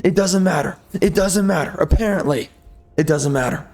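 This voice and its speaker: A man's voice: on the high side, normal speed, gravelly, darkish tone. A man from the United States ranting angrily over gameplay, firing off rhetorical questions and minced swear words. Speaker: gameplay video host.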